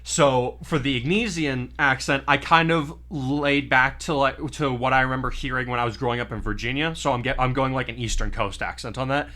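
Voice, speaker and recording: A man's voice: medium pitch, fairly even intonation, brisk, hardly any pauses, pushed and bright. A man from New Mexico hosting a casual podcast, explaining at length and often correcting himself. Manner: rambling, self-correcting explainer. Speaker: podcast host and audio drama narrator.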